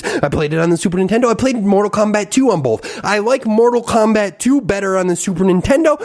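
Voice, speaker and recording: A man hosting a podcast in a casual, rambling monologue, ranting and mocking himself. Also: high-pitched. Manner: animated, self-mocking ranting. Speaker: podcast host.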